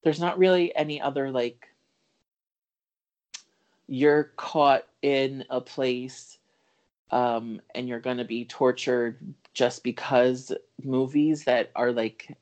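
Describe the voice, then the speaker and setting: A man talking loosely through a film review on a podcast, circling his points with fillers and false starts. He is candid and swears now and then, in a relaxed, unscripted chat. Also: medium pitch. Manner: rambling, full of fillers and restarts. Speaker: podcast co-host.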